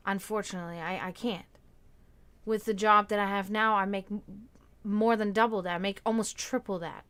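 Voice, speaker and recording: A woman's voice: mid-range voice, a bit bright. Chatty woman with a faint German accent. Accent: slight German. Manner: chatty, rambling with restarts. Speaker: stream host. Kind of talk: casual chat on a livestream.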